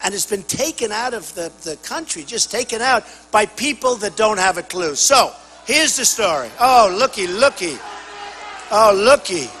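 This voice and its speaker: An older man giving a campaign rally speech at a podium microphone, boastful and repetitive, often shouting to the crowd. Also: high-pitched, lively intonation, normal speed, big-room sound, poor audio. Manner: boastful, repetitive, punchy phrases. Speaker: political candidate at a rally. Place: large rally venue.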